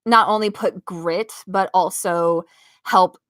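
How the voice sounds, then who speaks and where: A woman's voice: on the low side, fairly even intonation, slow pace, fairly bright tone, no room sound, studio quality. A young woman from the United States telling a story to her live chat from her bedroom. She laughs often and acts out the lines of other people. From United States (Las Vegas). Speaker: live-stream host. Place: home bedroom. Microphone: own microphone at desk.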